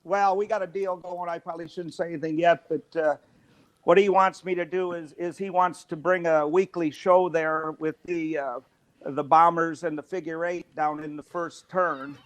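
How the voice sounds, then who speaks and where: Higher-voiced man doing a joking phone bit. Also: steady tone, normal speed. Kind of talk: comic bit, fake phone call. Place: studio.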